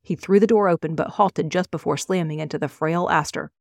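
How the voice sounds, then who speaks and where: A woman reading her own fantasy novel aloud in a measured, expressive narration. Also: low voice, creaky, no echo, clean studio sound. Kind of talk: audiobook reading.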